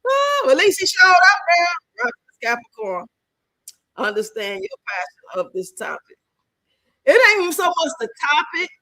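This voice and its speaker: A woman from Chicago with a Chicago accent, hosting a livestream and answering her chat in an animated, outspoken way. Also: high voice, normal speed, no echo, rough recording. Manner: animated, outspoken, emphatic, talks back to the chat. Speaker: livestream host. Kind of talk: livestream chat reacting to comments.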